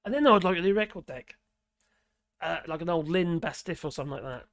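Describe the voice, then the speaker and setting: A man with a Norfolk accent and a hoarse, gravelly voice, chatting casually on a live stream and reading out viewer comments in a rambling, muttering way. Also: on the high side, animated, a little fast, a bit bright, dry recording, clean studio sound. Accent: Norfolk English. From Norfolk, England. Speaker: livestream host reading chat.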